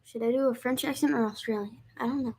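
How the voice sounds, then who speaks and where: A woman's voice: fairly high pitch, fairly even intonation, fast talker, a little mellow, husky, low-quality recording. A woman co-hosting a trivia night, bantering playfully and hesitating over her own jokes. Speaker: co-host doing the countdown. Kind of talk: casual banter.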